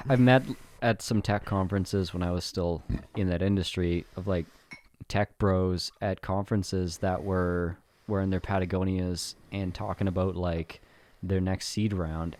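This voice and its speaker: Young man from Canada, podcast co-host, low deep voice, relaxed teasing banter. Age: young adult. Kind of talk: casual chat.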